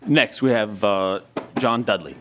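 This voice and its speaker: Committee chair guy, lowish voice, bit of background noise. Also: measured pace, sharp tone. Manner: brief, procedural. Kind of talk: chairing a hearing.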